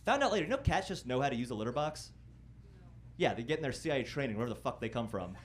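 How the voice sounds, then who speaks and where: A young man works a comedy club stage with a wry, self-deprecating delivery. His voice sits at an everyday middle pitch, and now and then he jumps into loud mock-singing or shouted impressions. A faint murmur of the club hangs behind him. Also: big pitch swings, very fast, a little hiss or hum. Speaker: stand-up comedian. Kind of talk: stand-up set. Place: comedy club stage before a live audience.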